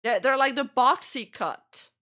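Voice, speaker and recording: Bright-voiced woman streamer chatting. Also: sits high, measured pace. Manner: chatty, rambling, trails off mid-sentence. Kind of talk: casual chat reacting to videos.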